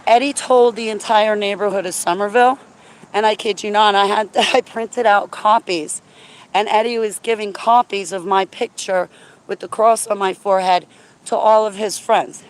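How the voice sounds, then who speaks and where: A woman telling a story to her viewers in an excitable, chatty way while walking outdoors on a city street, often checking in with "right?". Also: mid-range voice, moderate pace. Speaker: vlogger. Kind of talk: casual storytelling to camera.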